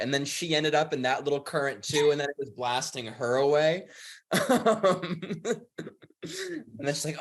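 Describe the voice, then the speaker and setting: A man's voice: on the high side, very animated, measured pace. A man, an actor, recalling a shoot in a laid-back way and laughing easily during a casual video-call Q&A.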